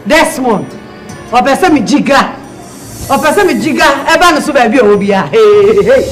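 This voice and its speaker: Woman, comedy skit, bossy and scolding, high lively voice, echoey room, light music. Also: moderate pace.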